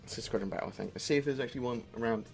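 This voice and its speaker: A man's voice: mid-range voice, very fast, creaky, husky. A man streaming a video game live, chatting in a rambling, distracted way with plenty of asides. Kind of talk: live-stream chat while gaming. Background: faint music.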